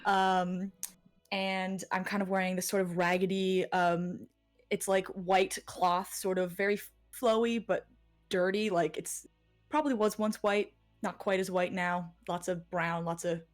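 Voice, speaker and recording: A woman player describing her character at a tabletop game, hesitant and halting as she searches for words. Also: lowish voice, level tone, soft background music.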